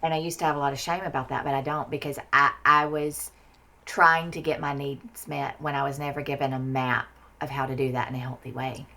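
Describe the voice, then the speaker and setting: Woman, Southern American accent, very low voice, frank and blunt, candid podcast guest. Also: level tone, fairly quick, gravelly, bright, forceful tone, slight background noise. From Mississippi, US Deep South. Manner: blunt and frank, swears for emphasis. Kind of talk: candid conversation about inner child therapy.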